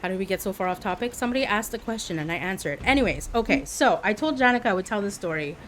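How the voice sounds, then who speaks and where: A woman in her thirties from Quebec, a streamer telling a story to her chat in a casual, animated way. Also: medium pitch, very fast, a little hiss or hum. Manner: animated, acts out quoted voices.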